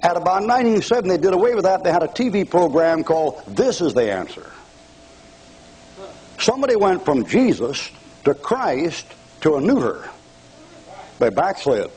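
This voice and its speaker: A man's voice: high-pitched, very animated, moderate pace, long pauses, darkish tone, slightly rough, low-quality recording. An older man preaching a televised fire-and-brimstone sermon, mocking and taunting his audience with bursts of laughter.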